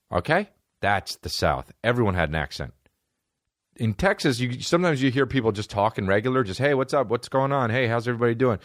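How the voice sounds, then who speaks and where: A man's voice: lowish voice, fairly bright tone, no echo. A man hosting a podcast, delivering a rambling, profane, jokey comedic monologue in a studio. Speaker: podcast host.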